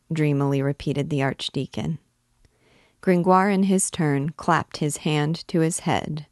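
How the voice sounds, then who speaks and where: A woman narrating a classic novel aloud in a measured, even storytelling manner, recorded on a close mic. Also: sits low, no echo. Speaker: book reader and teacher. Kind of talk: audiobook reading of a classic novel.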